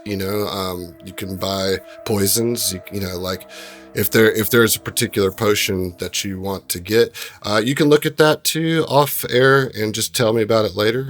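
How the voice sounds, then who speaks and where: A man narrating as game master, explaining rules and scenes in a rambling, easygoing way. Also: fairly low pitch. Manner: rambling, explanatory, many fillers.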